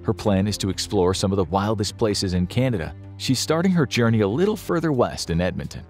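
A man giving scripted narration of a dramatic story in a steady, storytelling manner. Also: fairly low pitch, a little fast, soft background music.

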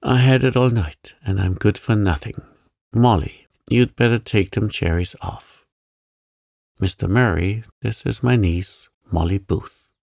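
A man's voice: fairly low pitch, a little slow, vocal fry, darkish tone, no echo, studio quality. A man voicing a solemn, weary middle-aged farm aunt in a sleep story.

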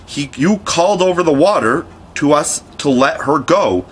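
A man voicing a suspicious, gruff pirate in a storybook reading, wary and blunt. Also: fairly high pitch, lively intonation, moderate pace, fairly bright tone, slight background noise, voice pushed up.

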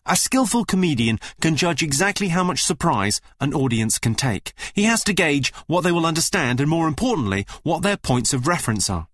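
Dry deadpan radio host. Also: male voice, fairly high pitch, fairly quick, hardly any pauses, no echo. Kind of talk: scripted radio presenting.

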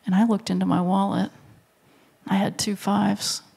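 A stand-up comic in their thirties telling a long story on a live stage, briefly acting out the people in it with quick voices. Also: mid-range voice, little pitch movement, gravelly, a little mellow, slightly rough. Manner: storytelling, acts out characters in quick bursts. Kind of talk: stand-up comedy set. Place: live stage before an audience. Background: audience laughter.

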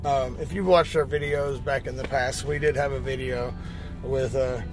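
A man, a trucker doing a loud country-boy comedy skit and chatting casually with viewers. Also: mid-range voice, steady tone, normal speed, music in the background. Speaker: trucker vlogger.

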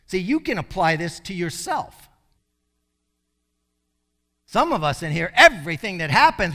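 Animated, high-voiced male preacher. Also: normal speed, pauses often. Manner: animated, emphatic preaching with sudden loud bursts. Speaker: pastor. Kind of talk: sermon.

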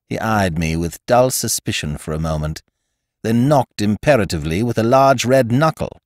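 A man and podcast host reading a classic comic story aloud in first person, with wry, expressive storytelling. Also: fairly low pitch, moderate pace, no echo, studio quality. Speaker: audiobook narrator and podcast host. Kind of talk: scripted storybook narration.

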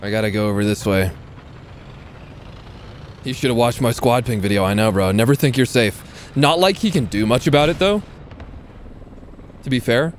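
A man's voice: medium pitch, normal speed, pauses often, a little hiss or hum. Swearing, joking young male game streamer. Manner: jokey, swears a lot, thinks aloud mid-fight. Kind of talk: live gameplay commentary.

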